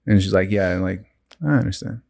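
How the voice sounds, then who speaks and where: A young man chats casually on a podcast, talking bluntly and cursing freely. He laughs often between his points. His voice sits at an ordinary middle pitch. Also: brisk. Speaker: podcast host. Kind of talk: casual chat.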